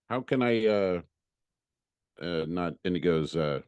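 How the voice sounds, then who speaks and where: Man, low voice, dry close sound, casual profane storytelling, exasperated comedian. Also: lively intonation, measured pace, pauses often, darkish tone, clear, resonant tone, no echo, highs cut off. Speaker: comedian and podcast co-host.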